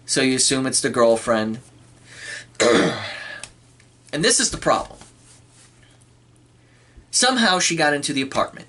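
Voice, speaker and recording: A man giving a casual spoken film review, clearing his throat often and acting out quoted lines. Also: mid-range voice, sing-song, measured pace, long pauses, pushed and bright. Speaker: movie reviewer.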